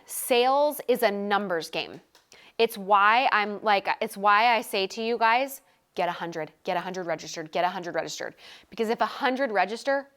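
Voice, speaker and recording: A woman in her thirties coaching a group on a live video call, talking energetically in quick bursts and repeating phrases for emphasis. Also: mid-range voice, a bit bright. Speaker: sales coach.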